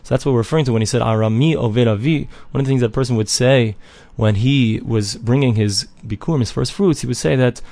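A man of middle pitch teaches a classical text. He reads each phrase with an Ashkenazi Hebrew pronunciation and then explains it in plain English. The recording is dry, with no room around the voice. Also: a little mellow, dry recording. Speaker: Talmud teacher. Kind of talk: reading and translating a text line by line.

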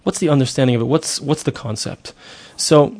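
A man's voice: mid-range voice, brisk, darkish tone. A middle-aged man giving a spoken Torah lesson, explaining earnestly, repeating himself and asking rhetorical questions. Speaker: Torah teacher.

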